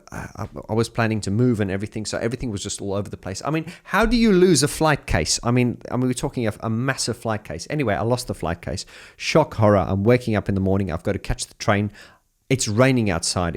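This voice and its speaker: Deep-voiced Englishman telling a lively story. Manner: animated, chatty, laughs while telling. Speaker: keyboard player. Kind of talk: telling an anecdote.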